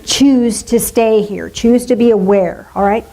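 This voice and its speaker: A woman's voice: a little high, a little slow, mellow, poor audio. A middle-aged woman minister giving a spiritual talk to a congregation, playful and musing aloud with asides.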